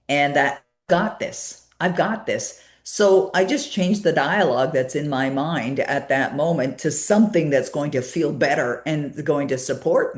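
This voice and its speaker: Low-voiced woman telling a story. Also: echoey room. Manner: storytelling, animated retelling with many fillers. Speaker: guest. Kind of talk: conversational interview.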